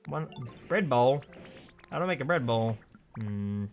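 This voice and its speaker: A man's voice: medium pitch, lively intonation, unhurried, long pauses, faint music behind. A man chatting and joking while streaming a video game live. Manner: chatty, jokey, exclaims at the game. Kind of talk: casual live gameplay commentary.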